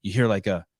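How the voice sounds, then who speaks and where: A man's voice: fairly low pitch, slight background noise. A man hosting a casual call-in podcast, rambling through stories with loose, profane talk and easy laughter. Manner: laughs easily. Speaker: podcast host.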